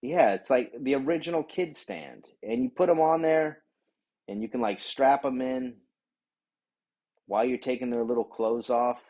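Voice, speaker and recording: A man telling a profane, animated rant about a bad day out, acting out the other people in the story. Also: medium pitch, normal speed, highs cut off. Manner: animated, swears a lot, acts out voices of others. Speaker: vlogger.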